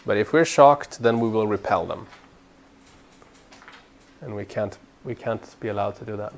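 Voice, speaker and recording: A man's voice: lowish voice, moderate pace, lo-fi sound. Earnest man teaching a training class. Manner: earnest, repeats words while building a point, grows animated when urging. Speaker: Bible study trainer.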